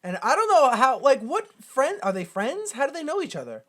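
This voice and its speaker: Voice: high voice, big pitch swings, a little fast, fairly bright tone. A podcast co-host in casual chat about a movie, joking and laughing often while talking.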